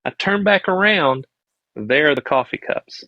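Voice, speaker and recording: A middle-aged man with a Southern US accent tells a childhood story as a podcast guest, earnest and rambling, often restarting his sentences. His voice sits a touch high for a man. The sound is dry and close, with almost no room echo. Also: animated, a little slow, muffled recording. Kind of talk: casual storytelling on a live stream.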